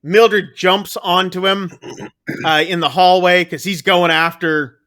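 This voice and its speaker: Guy on a podcast going thru a movie plot, high bright voice, acts out the lines. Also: takes it slowly. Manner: animated, acts out character lines. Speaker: podcast host. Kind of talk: casual chat recapping a movie.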